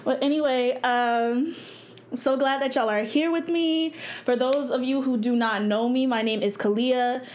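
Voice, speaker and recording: A woman's voice: sits high, a little slow, darkish tone. A young woman, hosting her own podcast in a blunt, chatty way and laughing often. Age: 20s. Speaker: podcast host. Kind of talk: casual solo podcast talk.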